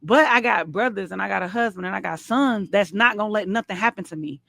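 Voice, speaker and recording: A woman co-hosting a podcast, telling animated stories and acting out what people said, often laughing. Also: medium pitch, fast talker, vocal fry, no room sound. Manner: animated, laughing storyteller, acts out quotes. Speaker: podcast co-host. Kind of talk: casual storytelling chat.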